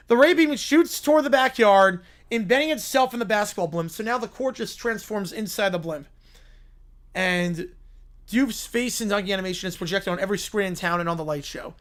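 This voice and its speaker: A man hosting a live stream who reads out stories and reacts with excitement and laughter. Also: high voice, a little fast. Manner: animated, laughing. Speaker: streamer host.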